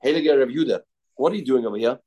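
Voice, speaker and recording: Guy teaching talmud, acts out the back and forth, mid pitch, tosses in aramaic words. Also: very fast, slightly rough, rough recording. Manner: animated, voices the rabbis' dialogue, mixes Aramaic terms into English. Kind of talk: daf yomi lesson, retelling a Talmud story.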